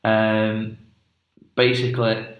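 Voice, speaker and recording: A man's voice: on the low side, completely flat delivery, slow pace, dull audio. A man co-hosting a podcast, telling a rambling, jokey story with lots of fillers. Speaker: podcast co-host. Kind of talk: casual chat. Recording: echoey room.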